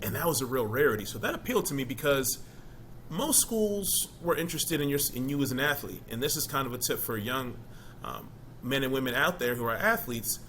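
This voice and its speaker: A former college football player, interviewed as a guest, talks casually and emphatically about choosing his college, often asking "you know what I mean?" to check in with his listener. His medium-pitched voice is expressive, a little fast and fairly bright, with slight background noise.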